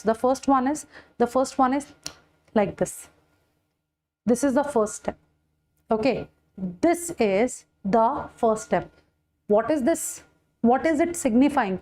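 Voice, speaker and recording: A high-pitched woman with an Indian English accent lectures on biology. She repeats each key point, and checks in with her students often. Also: darkish tone. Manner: addresses students with Hindi endearment "bache". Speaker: biology teacher. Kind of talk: online exam-prep lecture.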